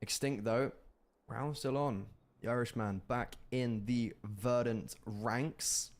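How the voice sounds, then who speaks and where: A man casting a live competitive shooter match as play-by-play commentator, animated and rising in bursts at big plays. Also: medium pitch, slow pace. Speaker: esports caster.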